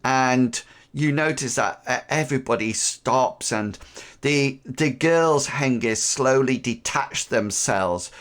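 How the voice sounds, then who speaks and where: A man running an online tabletop game as game master, narrating in a halting way with many pauses. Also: medium pitch, fairly bright tone. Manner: halting, with frequent pauses and fillers.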